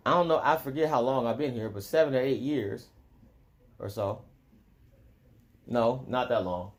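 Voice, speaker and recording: A man's voice: medium pitch, moderate pace. Man in a rambling casual monologue. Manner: loose, digressive, talks straight to the listener, chuckles between points. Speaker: vlogger.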